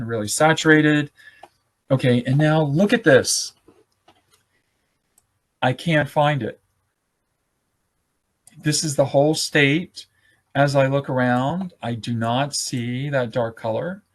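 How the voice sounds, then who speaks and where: A man of ordinary pitch leads a live online class, clicking through a screen demonstration. He talks loosely and thinks aloud, correcting himself as he goes. His voice is a bit hoarse and comes through a computer mic on a video call. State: losing his voice. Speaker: webinar presenter.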